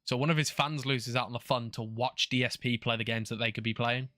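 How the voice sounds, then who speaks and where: A man's voice: medium pitch, steady tone, fairly quick, sharp tone, dry recording, clean studio sound. Man cursing casually on a livestream. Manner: cursing, exasperated, repeats himself. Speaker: streamer. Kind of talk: casual stream chat.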